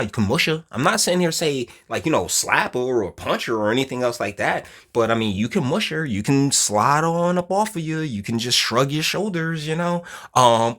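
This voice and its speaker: A man's voice: medium pitch, a bit bright. A man giving a casual opinion rant to viewers, blunt and preachy with plenty of slang. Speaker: online commentator.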